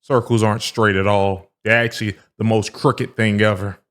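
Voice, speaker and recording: A man hosting a reaction video, teasing and ridiculing a woman from a clip in lively mocking asides. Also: fairly low pitch, normal speed. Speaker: reaction channel host.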